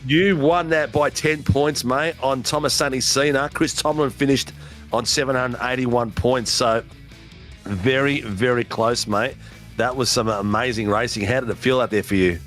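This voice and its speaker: A man's voice: mid-range voice, fairly even intonation, normal speed, fairly bright tone, soft background music. A man hosting post-race interviews for a sim racing broadcast, chatty and hyped up. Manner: hyped announcer, chatty, says mate a lot.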